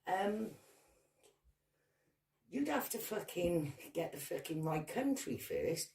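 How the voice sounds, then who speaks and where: A woman's voice: lowish voice, sing-song, slow, darkish tone. Profane, combative Welsh woman. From Wales. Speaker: vlogger. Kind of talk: angry vlog rant.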